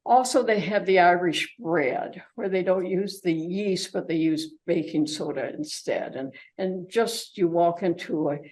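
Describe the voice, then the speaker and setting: An older woman with a fairly low voice gives a relaxed, informal slide talk about her travels. She talks chattily, with plenty of ums, uhs and restarts as she goes along. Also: unhurried, few pauses, low-quality recording. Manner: chatty, many fillers and restarts. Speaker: travelogue presenter.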